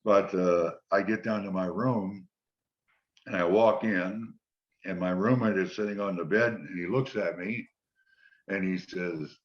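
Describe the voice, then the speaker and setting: An older man, a former football player, relaxed as he tells long anecdotes in an interview and quotes the people in them. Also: deep voice, unhurried. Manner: relaxed anecdotal storytelling, quoting others. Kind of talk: storytelling interview. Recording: dull lo-fi sound.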